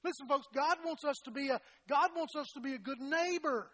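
A man's voice: extremely high pitch, brisk, fairly bright tone, poor audio. A middle-aged man preaching a sermon as a pastor, folksy and self-deprecating, often restarting his phrases and peppering them with "you know". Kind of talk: sermon with personal stories.

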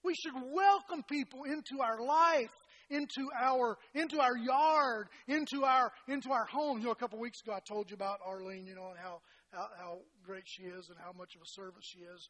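A man's voice: extremely high pitch, steady tone, fairly quick, a bit bright, low-quality recording. A middle-aged man preaching a sermon as a pastor, folksy and self-deprecating, often restarting his phrases and peppering them with "you know". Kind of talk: sermon with personal stories.

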